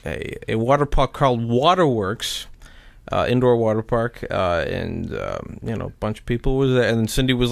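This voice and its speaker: A man spinning a rambling story in casual talk, his voice leaping widely in pitch as he gets into it. He is full of fillers and asides, recorded dry and close with no room sound. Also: normal speed, vocal fry, no room sound. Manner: animated, rambling anecdotes with many fillers.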